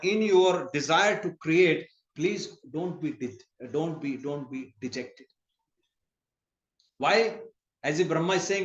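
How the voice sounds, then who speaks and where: A man's voice: high voice, dull audio. A man giving a scripture class in a temple. He talks in a conversational way, tells stories and laughs often. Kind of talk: sermon. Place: temple hall. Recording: echoey temple hall.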